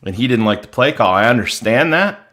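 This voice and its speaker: A man's voice: mid-range voice, animated, brisk, fairly bright tone. A man co-hosting a live post-game show, giving casual, reasoned analysis over a video call. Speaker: co-host.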